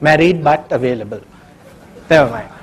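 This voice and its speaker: A man's voice: fairly high pitch, normal speed, low-quality recording. A man giving a conference keynote, telling a humorous story and talking straight to the audience. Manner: humorous, addresses audience directly. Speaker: keynote speaker. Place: conference hall.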